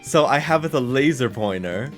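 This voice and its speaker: Excitable young man streaming a game. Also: mid-range voice, moderate pace, faint music behind. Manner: excitable, laughing, swearing. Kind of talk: casual let's-play commentary.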